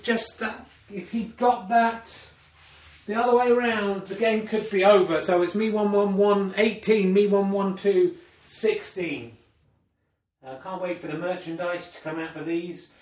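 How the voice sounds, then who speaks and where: A man commentating on a snooker game he plays against himself, in a mock sports commentary style with dry, self-mocking asides. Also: high voice. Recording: roomy sound from a distant omni mic.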